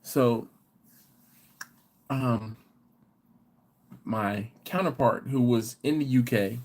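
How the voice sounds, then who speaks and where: An American man hosting a live barbecue channel rambles through a story in a casual live-stream chat, reading out viewer comments as he goes. His mid-range voice is very slow and a little mellow.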